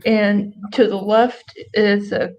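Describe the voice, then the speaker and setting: Gravelly woman player. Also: mid-range voice, little pitch movement, slow, darkish tone, highs cut off. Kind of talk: casual tabletop play.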